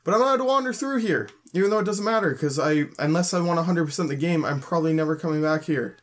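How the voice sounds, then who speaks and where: A man's voice: on the high side, quick pace. Chatty Canadian-raised man narrating gameplay. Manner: chatty, grumbling, jokey, reads game text aloud. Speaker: let's play host. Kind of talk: casual gameplay commentary.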